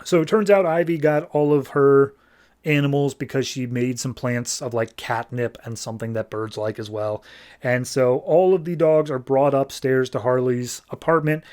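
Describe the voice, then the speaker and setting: Speaking at a moderate pace with a slightly mellow voice, a male podcast host rambles through a casual comic book recap packed with fillers. When quoting characters, he changes his pitch for a moment.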